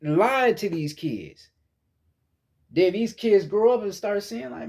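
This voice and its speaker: Blunt, high, lively-voiced man teaching. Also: slow, vocal fry, husky. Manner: blunt, profane and preachy; repeats words while searching for phrasing. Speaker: spiritual teacher. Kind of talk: casual spoken lesson on meditation.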